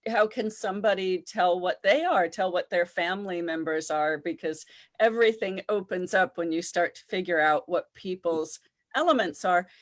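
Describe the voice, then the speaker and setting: A woman guest and teacher speaking in a lively, playful way. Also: on the low side, moderate pace. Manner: animated, playful. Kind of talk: casual interview.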